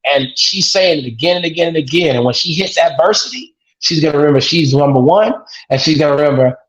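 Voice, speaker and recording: A man's voice: fairly high pitch, brisk, reverberant, muffled recording. A man, a father of two daughters, talking earnestly as a podcast guest and acting out the call-and-response phrases he repeats with his kids. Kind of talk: casual interview talk.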